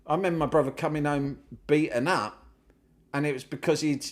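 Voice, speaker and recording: A middle-aged man from Britain, a podcast guest, telling stories in casual chat, swearing freely and loudly mimicking other people. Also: a little high, a little fast. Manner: animated storyteller, swears freely, mimics his brother loudly.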